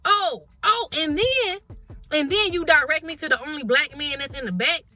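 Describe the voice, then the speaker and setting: A woman trucker telling a story in a casual vlog, blunt and full of cussing. Her voice sits a little high and has a bright, forceful edge. She tells it with animated energy. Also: moderate pace, soft background music. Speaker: truck driver and vlogger.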